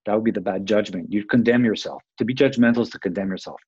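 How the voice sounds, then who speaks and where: A man's voice: lowish voice, fairly quick, darkish tone, breathy edge, no room sound, muffled recording. A man explaining mindfulness in a rambling, self-aware way, acting out little quoted voices. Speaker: interview guest.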